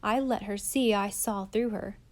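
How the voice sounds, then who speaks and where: A woman's voice: mid-range voice, steady tone, unhurried, lightly acted. A woman voicing a boastful schoolgirl who chatters in a gossipy, self-important way in a storybook reading.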